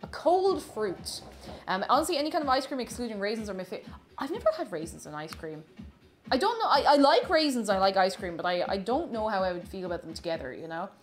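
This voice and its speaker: A woman's voice: medium pitch, very animated, quick pace. A woman chatting casually while she bakes in her home kitchen during a livestream, gushing about food and reading viewer comments aloud. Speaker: streamer.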